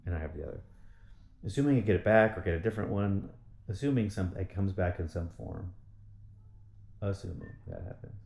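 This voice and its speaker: A man's voice: deep voice, animated, fast, creaky, darkish tone. Rambling, profane man ranting in a roomy space. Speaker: vlogger. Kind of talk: casual monologue.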